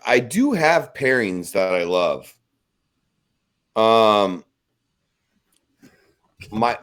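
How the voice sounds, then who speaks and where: A man chatting casually as a podcast guest, laid-back and easygoing, with casual slang. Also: mid-range voice.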